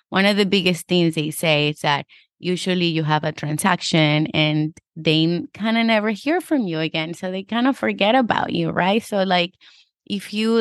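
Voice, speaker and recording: A woman's voice: lowish voice, a bit bright, smooth, dry recording, studio quality. A woman hosting a podcast, a real estate agent giving casual advice in a chatty way, full of "like" and "you know".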